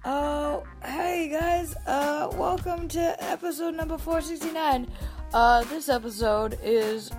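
A woman co-hosting a podcast in casual banter, playful and quick to giggle. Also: high voice, music in the background. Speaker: podcast co-host.

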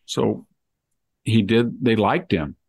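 An older man with a low, gravelly voice talks through politics in a relaxed conversational way. He often slips into mimicking voices to act out what others might say. The sound is dry and close. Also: slow, no echo. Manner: acts out quotes in mimicking voices. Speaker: podcast host. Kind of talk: casual political talk.

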